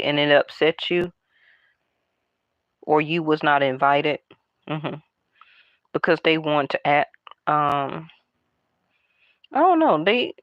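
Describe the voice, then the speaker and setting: A woman doing a casual tarot card reading, talking in a hushed, half-whispered, chatty way to her viewers. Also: low-pitched, no echo, muffled recording. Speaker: tarot reader.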